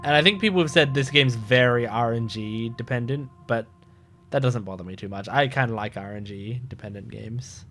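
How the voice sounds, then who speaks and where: A drowsy man comments on a game he is playing, loose and conversational, breaking into laughs. His voice sits at a middle pitch, and faint music plays behind him. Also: moderate pace. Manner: relaxed, chatty, laughs often. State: sleepy, yawning. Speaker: gaming video host. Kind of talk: casual let's-play commentary.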